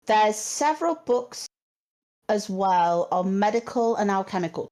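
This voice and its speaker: A woman runs a tabletop game over a home microphone, describing rooms and calling for checks. She speaks slowly and unhurriedly, with frequent ums and searching pauses between phrases. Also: mid-range voice, animated, darkish tone. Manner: slow, hesitant, many ums. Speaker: game master. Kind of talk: narrating a tabletop game online.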